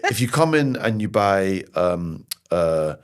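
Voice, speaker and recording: Animated Scottish man telling anecdotes. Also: deep voice, takes it slowly, smooth. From Scotland. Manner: animated storyteller, lively anecdotes and jokes. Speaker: podcast guest, comedy writer and actor. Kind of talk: casual interview chat.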